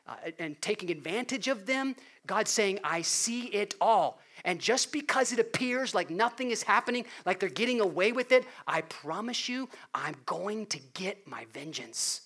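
A man preaching a sermon in an earnest way, rising to loud emphasis and dropping to hushed appeals. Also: sits high. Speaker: pastor.

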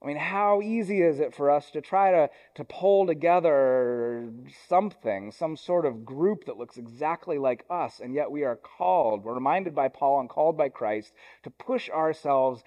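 A young adult man preaching a sermon in a church, conversational, with self-deprecating asides, moving between quick runs and slow, deliberate lines. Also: on the high side, darkish tone. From Ohio, US. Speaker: pastor.

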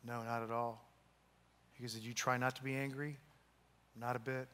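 A man preaching a sermon, telling a story and acting out the voices in it, sometimes dropping to a soft, hushed tone. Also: mid-range voice, level tone, moderate pace, clear, resonant tone. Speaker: pastor. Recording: long hall reverb.

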